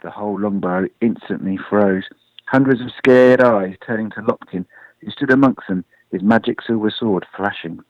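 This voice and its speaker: A man giving a lively, expressive storybook reading on a radio show. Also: on the low side, moderate pace, dry recording, lo-fi sound.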